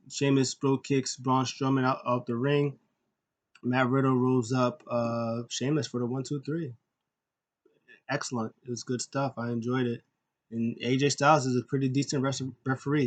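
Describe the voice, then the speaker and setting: A man hosting a casual solo recap of a wrestling show, talking in an enthusiastic, rambling way with lots of fillers and acted-out quotes. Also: medium pitch.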